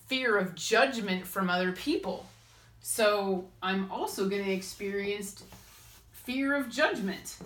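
A woman hosting a spiritual advice talk, speaking in a lively way and acting out inner voices and quotes. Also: medium pitch. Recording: roomy echo.

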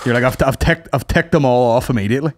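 A man co-hosting a podcast, animated, sweary and mocking. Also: medium pitch, rapid-fire, slight background noise. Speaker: podcast co-host. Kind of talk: casual chat.

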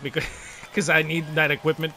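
A young man commenting on his own baseball video game play, excitable and self-mocking, laughing at his mistakes. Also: fairly high pitch, a little fast. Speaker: gaming video host. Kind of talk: gameplay commentary.

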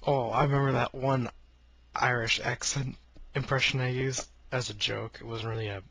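A video blogger sits at his computer desk making a casual, rambling vlog, joking at his own expense into a mic held close and often bumped. His mid-range voice is creaky, pushed, and bright with a breathy edge, at a moderate pace with fairly even intonation.

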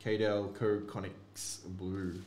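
A man's voice: low voice, little pitch movement, takes it slowly, a little mellow. A man hosting a card break, chatting offhandedly to viewers as he opens packs. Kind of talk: casual card-break commentary. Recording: echoey room with faint noise.

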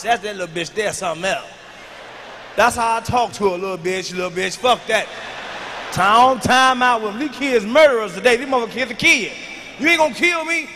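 A man doing a stand-up routine on an arena stage, loud and profane, shouting his punchlines into a handheld mic. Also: high-pitched, a little hiss or hum. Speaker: stand-up comedian. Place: large arena stage with live audience. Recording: live arena recording with long reverb.

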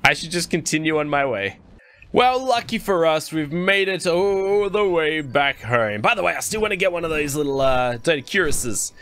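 A young Australian man giving chatty, excitable Let's Play commentary as a gaming YouTuber, talking straight to his viewers. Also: a little high, normal speed, clean tone.

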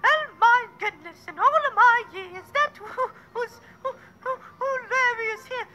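A very high-pitched giggly teacher. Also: female voice, a little slow, noisy background. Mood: tearful laughter. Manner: giggly, gushing. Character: teacher who can't stop laughing.

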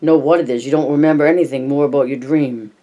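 A man voicing a worried young mother in an audiobook, urgent and strained, her words pressed and pleading. The voice sits near his plain reading, just a touch higher and louder. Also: steady tone, quick pace, lo-fi sound, natural voice. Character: anxious determined mother, woman.

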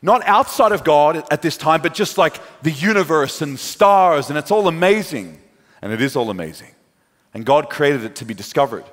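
A man's voice: fairly high pitch, lively intonation, normal speed. A man preaching a sermon, telling a story dramatically and acting out the people in it. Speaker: pastor. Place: large church hall. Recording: long hall reverb.

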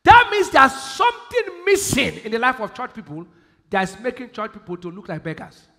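A man with a Nigerian English accent preaching a sermon, quoting scripture and bursting into shouted emphasis. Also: extremely high pitch, big pitch swings, moderate pace, gravelly. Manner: preaching with sudden shouted emphasis and Bible quotes. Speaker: pastor. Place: large church hall. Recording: live church hall with long reverb.

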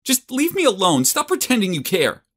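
A man's voice: huge pitch swings, normal speed, a bit bright, exaggerated voice. A man voicing a bossy, popular teenage girl cheerleader, pushy and indignant. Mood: hurt. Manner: pushy, indignant, high-pitched.

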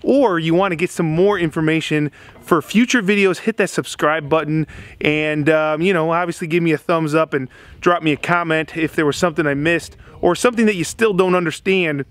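A man's voice: a little high, fairly quick, dry recording. A man, a building contractor, giving a casual how-to explanation in plain-spoken, folksy tradesman talk at an outdoor construction site.

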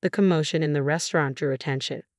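This is a first-person story told by a woman whose voice sits notably low. She narrates at an even, measured pace that doesn't vary line to line, and the recording is close and dry, free of any room sound or echo.

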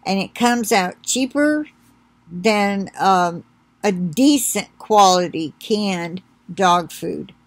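A woman's voice: medium pitch, a bit bright, no echo. A woman in a casual home vlog, chatting and then reading a long recall list aloud. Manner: chatty, talks to her dog, reads slowly.

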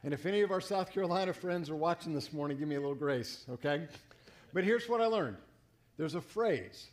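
A man's voice: a little high, expressive, a little fast. A man from South Florida preaching a sermon to his congregation, telling folksy stories with humor and playful inflections. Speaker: pastor. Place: church sanctuary.

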